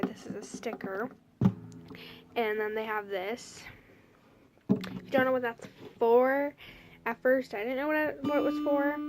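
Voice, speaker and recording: A young woman casually telling a personal story to the camera, chatty and rambling, full of "like" and "you know". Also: medium pitch. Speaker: vlogger.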